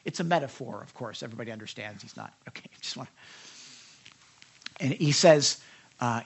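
A man's voice: a little high, normal speed, pauses often, slightly rough. A man preaching a sermon, talking conversationally, asking the congregation questions and acting out quoted voices. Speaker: pastor.

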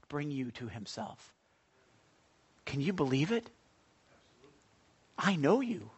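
Guy preaching a bible sermon, gets worked up and loud then drops real quiet. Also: high-pitched, husky. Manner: excitable, swings from loud exclamations to hushed asides.

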